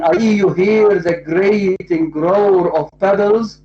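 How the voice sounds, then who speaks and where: A literature lecturer explaining a poem, speaking deliberately and repeating key points to make them plain. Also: medium pitch, darkish tone. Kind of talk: poetry lecture. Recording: dull lo-fi recording.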